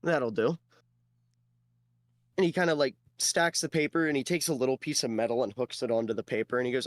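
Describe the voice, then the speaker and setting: A man narrating as game master in a relaxed way, with lots of fillers. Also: medium pitch, a little fast, no echo.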